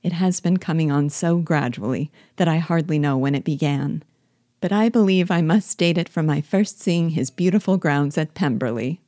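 A woman reading the part of a witty, lively young woman in a storybook reading, speaking in a wry, earnest way. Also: sits low, normal speed, dry recording, studio quality, close to an everyday voice. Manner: wry, earnest, gently teasing.

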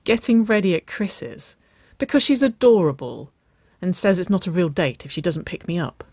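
A reader voicing an excitable young woman, a younger sister, in a breathless, rising voice. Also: mid-range voice, normal speed, husky, dry recording, pitched above the performer's own voice. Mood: excited.

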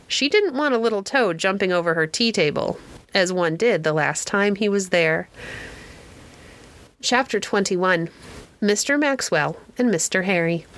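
Lady narrating an old novel, steady and clear, audiobook style. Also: medium pitch. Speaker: audiobook reader.

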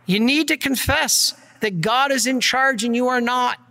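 High bright-voiced priest preaching, gets all worked up, echoey hall. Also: male voice, a little slow, creaky, few pauses. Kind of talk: sermon with slides.

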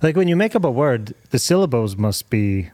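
A man's voice: medium pitch, very animated, moderate pace, darkish tone, dry recording. Scottish-born man, faint accent, dry humor, close dry sound. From Scotland. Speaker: podcast co-host. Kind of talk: casual group chat.

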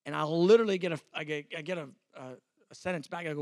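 A man's voice: fairly high pitch, racing, no echo, studio quality. A man in his fifties, a pastor, teaching a sermon in a conversational, self-deprecating way, acting out the exchanges he quotes.

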